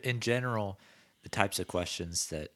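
Low-voiced man, chatty podcast co-host. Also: normal speed, fairly bright tone. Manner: enthusiastic, acts out quoted voices. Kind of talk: casual chat.

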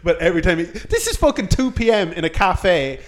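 A man's voice: high-pitched, a little fast. A man hosting a comedy podcast, telling stories and acting out the people in them. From Ireland. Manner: animated storyteller doing character voices. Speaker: comedian host. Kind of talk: comic storytelling chat.

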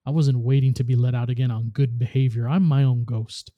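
A man's voice: mid-range voice, fairly even intonation, a little fast, no echo, dull audio, natural voice. A man voicing a grumpy, scheming male ghost robot who snarls and talks curtly. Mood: grumbling. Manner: snarling, curt.

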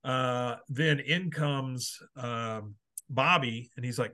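A man's voice: mid-range voice, sharp tone. A man hosting a casual podcast, retelling cartoon scenes and quoting lines, hesitant with many fillers. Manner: reads out quotes in quick bursts, hesitant with many uhs. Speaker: podcast host recapping a cartoon episode.

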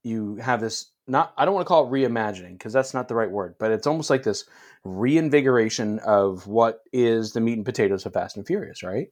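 A man co-hosting a casual podcast, talking in an animated way, laughing often and restarting his sentences. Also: mid-range voice, a little fast. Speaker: podcast co-host. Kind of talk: casual chat.

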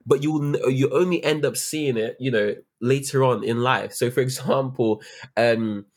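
A man's voice: medium pitch, steady tone, normal speed. A young man who works as a teacher, talking earnestly and reflectively in a casual interview, with many fillers and restarts. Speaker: teacher, guest.

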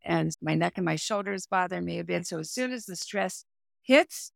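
Woman, middle-aged, coach in a podcast interview, explanatory, animated, gravelly voice. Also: fairly low pitch, normal speed, no echo, clean studio sound. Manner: animated, explanatory, talks with her hands. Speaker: executive performance coach and therapist. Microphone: remote audio, no camera.

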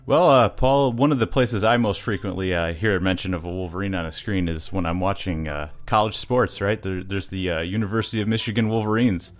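A man's voice: low voice, a little fast, few pauses. A man from Canada co-hosting a podcast in casual chat, rambling with many uhs and small laughs. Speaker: podcast co-host.

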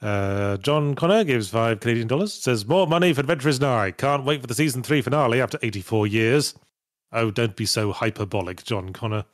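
A man's voice: medium pitch, brisk, no echo. A man hosting a casual podcast, reading out viewer messages with dry, sardonic asides. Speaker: podcast host reading superchats. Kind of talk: casual chat.

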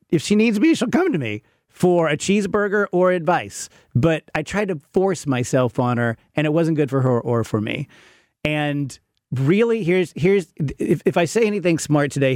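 A man's voice: on the high side, a little mellow, dry recording, studio quality. Candid self-mocking man in his fifties. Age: 50s. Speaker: podcast co-host. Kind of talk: casual chat.

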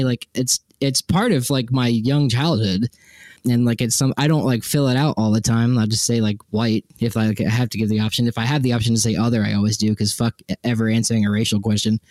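A man's voice: medium pitch, darkish tone, no room sound. A young man co-hosting a podcast, talking casually and rambling with many fillers and restarts. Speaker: podcast co-host. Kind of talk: casual chat.

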